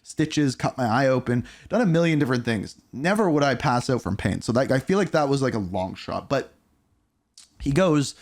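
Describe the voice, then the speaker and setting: This is a man in his thirties telling a personal storytime vlog straight to the camera. His delivery is candid and blunt, with casual swearing. His pitch swings widely as he goes, and it sits at a middle height for a man. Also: moderate pace. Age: 30s. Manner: candid, animated storytelling with profanity. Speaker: YouTuber.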